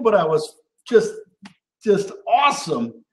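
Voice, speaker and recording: Chatty high-voiced male show host. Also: drawn-out words, pauses often, roomy sound. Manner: chatty, repeats "all right?" and "right?" after each point; enthusiastic and animated, gets worked up. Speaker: host of a live cooking show. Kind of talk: casual live-stream chat.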